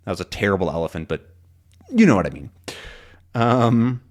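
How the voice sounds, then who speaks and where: Guy teaching english off a comic, lively ups and downs, slow patient explaining. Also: mid-range voice. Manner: explains words slowly, many fillers and restarts. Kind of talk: casual teaching narration.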